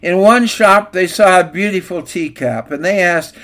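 Guy giving a sermon, earnest, kinda high-ish voice, fixes his slips as he goes. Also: moderate pace, few pauses, a bit bright. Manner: earnest storytelling, occasional slips and self-corrections. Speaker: preacher.

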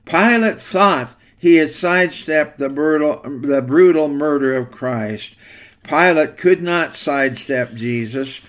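A man with a slightly high voice preaches a sermon. He speaks earnestly and reads scripture passages aloud between his own plain remarks.

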